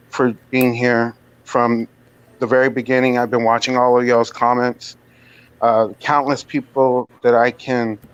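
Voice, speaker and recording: Mod guy thanking everyone, slow and halting, muffled lo-fi sound. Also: medium pitch, clear, resonant tone. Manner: halting, sincere, many fillers. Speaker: channel moderator. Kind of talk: casual memorial remarks on a live stream. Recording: dull lo-fi stream audio.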